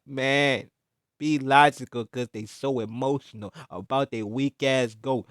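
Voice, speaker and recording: A man's voice: mid-range voice, unhurried, dry recording, studio quality. A man ranting in casual chat about sports, emphatic and repetitive, full of slang and mocking jabs, tacking "man" onto his lines. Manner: mocking, insistent. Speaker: sports commentator vlogger. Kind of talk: heated casual rant.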